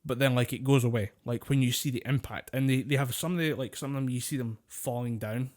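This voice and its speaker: A man's voice: mid-range voice, fast, darkish tone. A man co-hosting a podcast, telling stories in loose, casual chat. He rambles, swears freely and often breaks into laughter. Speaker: podcast co-host.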